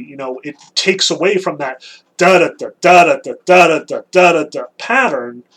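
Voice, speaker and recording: A man giving a casual spoken lecture on poetry, animated and stressing key words, with casual fillers. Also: on the high side, husky, low-quality recording. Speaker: lecturer on Homer.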